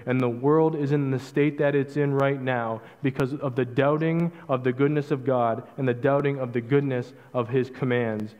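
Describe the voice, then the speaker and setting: Male pastor, conversational sermon, storytelling, long hall reverb, muffled lo-fi sound. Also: medium pitch. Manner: conversational, storytelling preaching with dramatized quotes. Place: church sanctuary.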